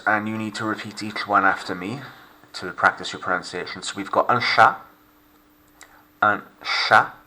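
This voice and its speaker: A man with a Welsh accent teaching a recorded remote lesson, modelling words slowly and clearly for students to repeat. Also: lowish voice, pushed and bright. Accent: Welsh English.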